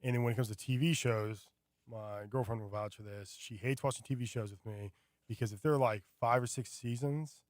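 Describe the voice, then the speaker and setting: A man chatting casually on a radio show, telling a rambling, animated story with many fillers. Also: mid-range voice, fairly quick, no echo, clean studio sound. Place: radio studio.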